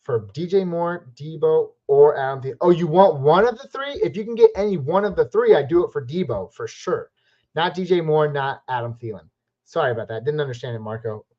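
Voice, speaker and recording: A man from the West Coast hosting a live Q&A stream, chatty and upbeat, giving quick verdicts on viewer questions. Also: a little high, expressive. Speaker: fantasy football live stream host. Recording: slightly muffled lo-fi stream audio.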